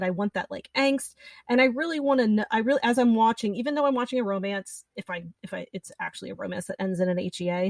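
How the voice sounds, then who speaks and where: A woman's voice: mid-range voice, no echo, clean studio sound, recorded from a distance. A woman co-hosting a podcast, chatting in a gushing, enthusiastic way with lots of restarts. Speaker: podcast co-host. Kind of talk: casual podcast chat.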